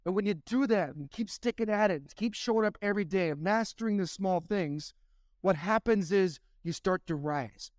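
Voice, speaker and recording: Impassioned man with a high voice. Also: moderate pace, a little mellow, dry recording, studio quality. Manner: impassioned, repetitive, preacher-like delivery. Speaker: podcast guest, former baseball player. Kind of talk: motivational interview answer.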